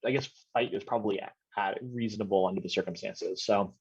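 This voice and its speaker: A man narrating a tabletop game as game master, hesitant, with many pauses and ums while describing scenes. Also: on the low side, steady tone, slightly rough. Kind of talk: narrating a tabletop game over video call. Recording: dull lo-fi audio.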